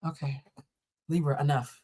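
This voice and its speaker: A woman's voice: sits low, steady tone, normal speed, warm tone, husky. A woman hosting a live-stream tarot reading on a laptop setup, talking casually with viewers, laughing and joking and swearing freely. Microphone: laptop or camera setup.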